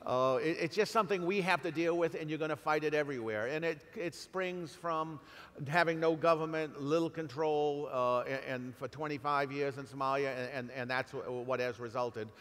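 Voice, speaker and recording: A middle-aged man with a New England accent, giving a talk to an audience in a halting way, full of fillers and restarts. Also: fairly high pitch, fairly bright tone. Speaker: guest speaker. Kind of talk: speech to an audience. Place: large hall. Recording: long reverb of a hall.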